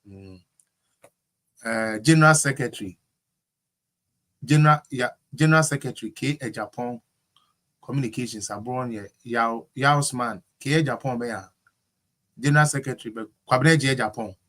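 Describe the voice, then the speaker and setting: Ghanaian guy hosting his politics stream, rambly, drops into patois shout-outs, mid voice. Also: medium pitch, normal speed, pauses often. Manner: rambling, code-switching. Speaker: political show host. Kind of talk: casual live-stream chat.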